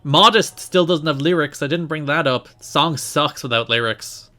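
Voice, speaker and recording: Animated laughing male podcast co-host. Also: moderate pace. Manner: animated, laughing, jumps high in pitch when exasperated. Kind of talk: casual chat.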